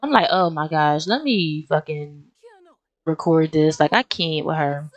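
Chatty young woman with a lowish voice. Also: a little slow, muffled recording. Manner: chatty, exclaims often, talks straight to viewers. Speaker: let's play host. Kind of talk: casual gameplay commentary.

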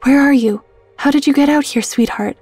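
A woman doing a gentle former soldier. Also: a little high, steady tone, fairly quick, husky, no echo, soft background music. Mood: coaxing. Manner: gentle, coaxing. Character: gentle grown man, former soldier, comforting.

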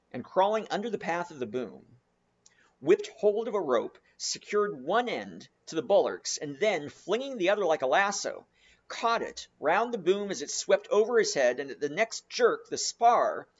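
A man's voice: on the high side, muffled recording. A man giving a dramatic audiobook narration, reading expressively and savouring his phrases.

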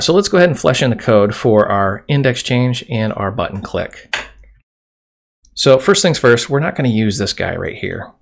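A man with a low, creaky voice hosts a screen-recorded programming tutorial, explaining casually and chatting as he types. Keyboard typing and mouse clicks are audible in the background.

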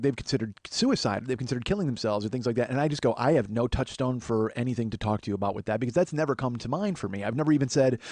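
A man's voice: mid-range voice, no echo. A man in his forties giving a rambling, profane, self-deprecating comic monologue as a podcast host. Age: 40s.

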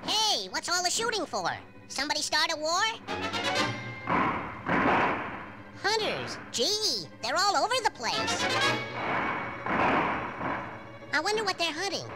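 A cheeky little woodpecker with a high, squeaky cartoon voice that leaps wildly up and down. He sounds excitable and boastful. Loud music plays under the vintage storybook record. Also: moderate pace, exaggerated voice. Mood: panicked.

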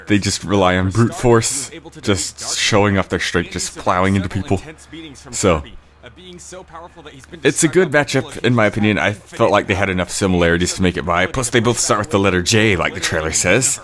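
Guy with a lowish voice rambling through his own episode commentary, kinda sick, lots of ums. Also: moderate pace, a bit bright. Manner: rambling, frequent fillers and restarts. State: sick with a cold, clearing throat. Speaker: creator giving episode commentary. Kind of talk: casual spoken commentary.

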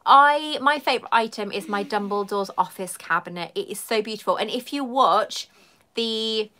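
A woman's voice: mid-range voice, moderate pace, pushed and bright. A woman from the London area with a southern English accent, hosting a casual live stream from home, chatting in a rambling way and reading viewer comments aloud. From London area, England. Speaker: livestream host.

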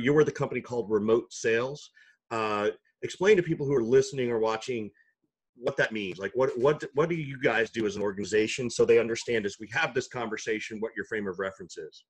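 Husky upbeat male podcast host. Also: mid-range voice. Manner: upbeat, enthusiastic. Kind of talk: casual interview chat.

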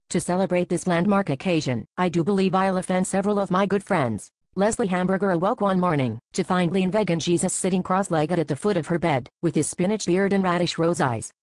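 A woman narrating a satirical fairy tale in a deadpan scripted style. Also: lowish voice, dry recording, low-quality recording. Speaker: storyteller.

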